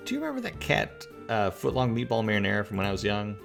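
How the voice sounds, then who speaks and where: A man's voice: fairly low pitch, wildly swooping pitch, quick pace, gravelly, a bit bright, soft background music, exaggerated voice. A man voicing a timid male cat detective who pleads with his mother. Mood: meek. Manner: meek, whiny, pleading.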